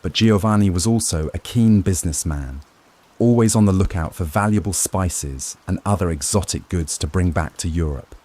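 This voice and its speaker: A man narrating a scripted history story for sleep in a calm, soothing, measured way. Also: sits low.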